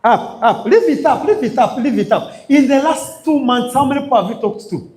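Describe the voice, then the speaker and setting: High, lively Ugandan male trainer. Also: a little fast. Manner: emphatic, repetitive, calls out questions for the audience to answer. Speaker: business trainer. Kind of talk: motivational training talk. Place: training session before a live audience.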